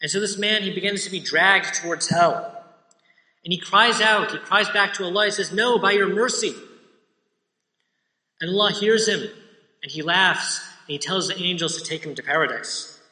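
High-voiced man preaching in an echoey hall. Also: bright, forceful tone. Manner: measured, earnest retelling of a religious parable. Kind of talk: sermon storytelling. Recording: echoey hall with long reverb.

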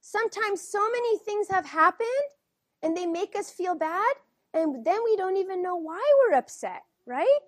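A woman teacher reading a picture book aloud to children, gently asking them questions as she goes. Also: extremely high pitch, lively intonation, moderate pace, dry recording, studio quality. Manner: gentle, questioning, keeps checking in with the kids.

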